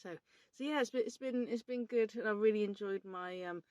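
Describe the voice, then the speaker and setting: A woman's voice: medium pitch, brisk, darkish tone, no echo. A woman talking casually to camera from inside her camper van, chatty and swearing freely. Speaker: vlogger. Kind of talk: casual vlog chat.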